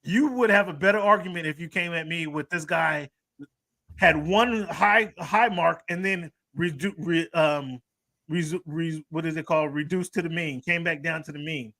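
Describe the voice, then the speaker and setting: A man's voice: fairly high pitch, normal speed, pushed and bright, no room sound. A man co-hosting a sports talk show, arguing heatedly and insistently, repeating his points and talking over his partner. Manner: insistent, repeats himself, talks over others.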